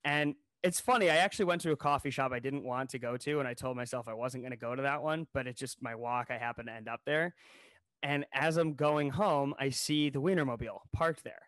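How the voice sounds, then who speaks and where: A man co-hosting a podcast, telling a funny story in a casual, animated way and acting out what people said. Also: medium pitch, fairly quick, dry recording. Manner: animated, jokey storyteller who acts out quotes. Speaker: podcast co-host. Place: New York City.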